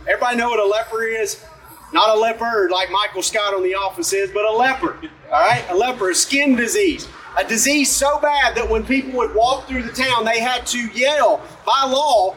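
A man's voice: high-pitched, normal speed, sharp tone, distant mic, slight background noise, poor audio. A man from Alabama, preaching a sermon as pastor and talking to the congregation in a conversational way. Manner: conversational, asks the congregation questions.

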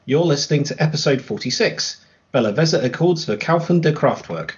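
A man co-hosting a podcast, reading the introduction and explaining his topic in a measured, plain way. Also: fairly high pitch, lively intonation, dull audio, slight background noise. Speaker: podcast co-host.

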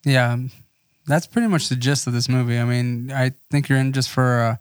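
A man's voice: mid-range voice, flat delivery, moderate pace, clean tone, no room sound, studio quality. A man co-hosting a casual movie review podcast, laid-back and profane. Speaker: podcast co-host.

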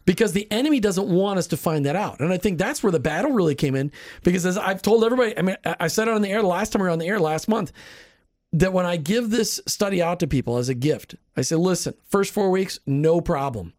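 A man's voice: high voice, expressive, fast, a little mellow, no room sound, studio quality. A man hosting a Christian radio show, talking emphatically and enthusiastically to his guest and directly to his listeners. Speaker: radio host. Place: radio studio.

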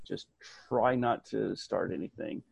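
Rambling, animated man in casual chat. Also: fairly low pitch, measured pace, creaky, husky, dry recording. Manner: rambling and animated, with restarts and mock voices.

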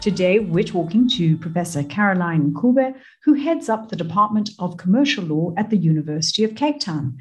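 A woman's voice: on the low side, expressive, normal speed, few pauses, slightly rough, faint music behind. A woman hosting a radio show, who affirms her guest and asks reflective questions. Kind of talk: radio interview.

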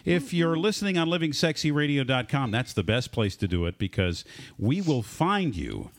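A man's voice: medium pitch, sing-song. A man hosting a casual radio talk show, jokey and playful with his co-hosts. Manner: jokey, playful, quick to kid around.

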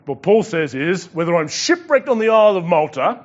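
A pastor delivers a sermon and acts out his stories with animated delivery. His voice is high for a man. The recording sounds a little muffled. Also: brisk. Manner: storytelling, acting out dialogue.

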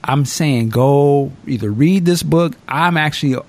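A man hosting a podcast in casual chat, telling stories in an animated way and swearing freely. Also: fairly high pitch, measured pace. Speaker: podcast host.

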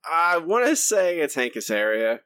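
A playful man in casual podcast chat, teasing his co-host with a lively, swinging delivery. His voice sits a little higher than most men's. The sound is close and dry. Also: normal speed, clear, resonant tone, dry recording.

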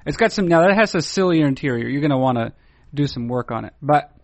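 A man's voice: fairly high pitch, expressive, quick pace, no room sound. A man hosting a podcast, wordy and mock-formal in a playful, casual way. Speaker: podcast host.

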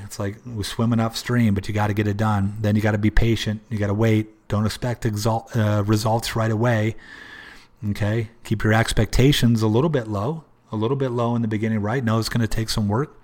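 Talking about faith and prayer on his own motivational podcast, this host comes across as earnest and religious. He repeats ideas and frequently starts sentences over, in a lowish, slightly mellow voice.

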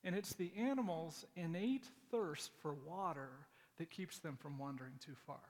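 A man voicing a calm, wise male farmer who speaks slowly and plainly. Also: on the high side, natural voice. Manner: slow, plain-spoken.

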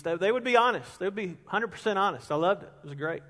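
Animated high-voiced preacher in a reverberant hall. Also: male voice, quick pace, few pauses. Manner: animated storyteller, drops to a hush for emphasis. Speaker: pastor. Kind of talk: sermon with storytelling.

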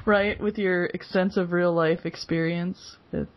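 A woman hosting a casual podcast chat, giggling and laughing often as she talks. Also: on the low side. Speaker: podcast host. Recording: dull lo-fi recording.

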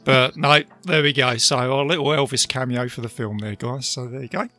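A man's voice: medium pitch, fairly even intonation, moderate pace, bright, forceful tone, soft background music. A man co-hosting a casual podcast, chatty and fond of tag questions like "isn't it?". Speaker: podcast co-host. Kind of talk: casual film discussion.

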